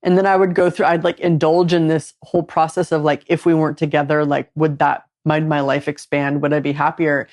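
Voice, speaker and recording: Woman podcast host, low voice, candid confessional storyteller. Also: little pitch movement, a little fast, hardly any pauses, darkish tone. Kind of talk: casual conversation.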